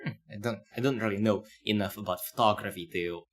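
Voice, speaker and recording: A man reacts to a video during a live stream, offering loose, rambling commentary full of fillers. His voice is lowish and his pace is quick.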